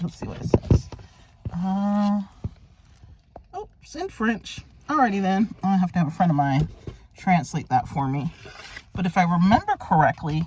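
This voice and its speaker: Female unboxing vlogger, gushing and exclamatory, lowish voice with a lively range and faint background noise. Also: moderate pace. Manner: gushing, exclamatory, thinks aloud. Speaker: vlogger unboxing luxury items. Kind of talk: casual unboxing vlog.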